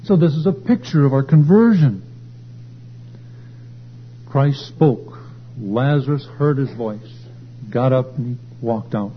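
A man preaching a sermon at a church service, swelling louder and higher as he drives his points home. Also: lively intonation, takes it slowly, pauses often. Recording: dull lo-fi recording with faint hum.

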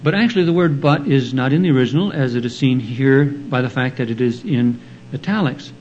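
A man preaching an expository sermon, explaining Bible verses in a slow, deliberate teaching manner. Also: medium pitch, darkish tone, muffled recording. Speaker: pastor.

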